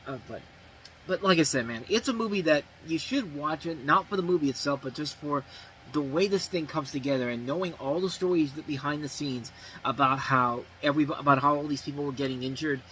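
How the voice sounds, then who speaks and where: A man's voice: a little high, fairly quick, bright, forceful tone, slight background noise, low-quality recording. A man hosting a movie review show, talking casually and rambling, with frequent restarts and self-corrections.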